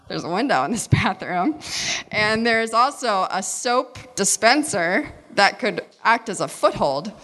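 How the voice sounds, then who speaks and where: A young adult woman telling a candid personal story on stage, animated and casual, with fillers and the odd swear word. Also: mid-range voice. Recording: long hall reverb.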